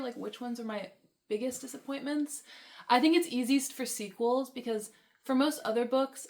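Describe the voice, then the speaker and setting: A young woman vlogging about books in a casual, rambling, enthusiastic way, with many fillers and laughs. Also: a little high. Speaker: book vlogger. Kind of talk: casual chat.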